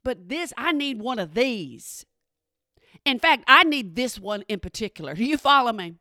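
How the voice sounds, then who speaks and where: A middle-aged woman telling a story in a chatty, animated way and often checking in with her listeners. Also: a little high, moderate pace, no echo, clean studio sound. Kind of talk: casual spoken storytelling.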